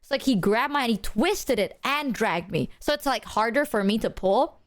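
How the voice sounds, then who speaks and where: A young woman streamer telling a story to her chat in a casual, animated way, full of "like" and the odd swear word. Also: fairly high pitch, moderate pace, no echo, clean studio sound. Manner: animated, chatty, heavy filler "like", swears.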